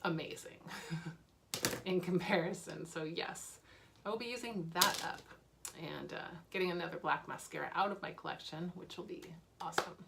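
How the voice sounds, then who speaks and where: A woman's voice: lowish voice, moderate pace, creaky, very noisy. A woman beauty vlogger talking casually and candidly about makeup she is using up, with fillers and small laughs. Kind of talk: casual chat.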